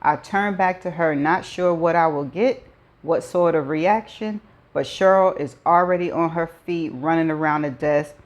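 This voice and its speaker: Low-voiced woman reading a novel aloud. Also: moderate pace, dull audio. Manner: adds her own chatty asides. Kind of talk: first-person novel read-aloud.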